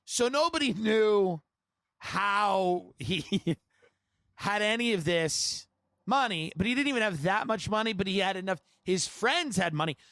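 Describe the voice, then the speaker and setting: A man's voice: sits high, animated, a little slow, vocal fry, a bit bright, no echo. A man hosting a podcast, telling rambling comic anecdotes and breaking into laughter. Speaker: podcast host. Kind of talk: comedic storytelling.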